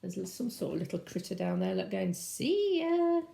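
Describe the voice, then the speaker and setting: A woman's voice: fairly low pitch, little pitch movement, fast, gravelly, dark tone. A woman reading a children's storybook aloud at home with chatty asides to her young listeners, as a teacher would. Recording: roomy echo.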